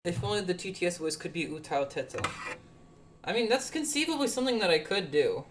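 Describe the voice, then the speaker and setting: A woman's voice: on the low side, big pitch swings, fairly quick, a little hiss or hum. A woman streaming casually who mutters and swears to herself while setting up hardware. She is ill with COVID. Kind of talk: casual livestream chat.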